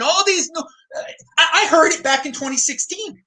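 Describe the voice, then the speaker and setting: A man hosting a live-streamed panel, talking in an excitable, ranting way. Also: extremely high pitch, fairly quick. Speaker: show host.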